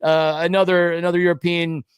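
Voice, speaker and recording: A man's voice: high-pitched, little pitch movement, a little fast, clear, resonant tone, dry recording, studio quality. A man co-hosting a casual sports podcast, rambling and ranting, often stumbling over his words. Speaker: podcast co-host.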